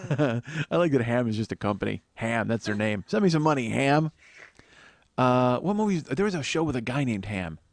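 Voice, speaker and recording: A man's voice: medium pitch, animated, moderate pace, dry recording. Male podcast host, comic storyteller, rambling and profane, dry close sound. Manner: rambling, profane, self-mocking. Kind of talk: comedic monologue.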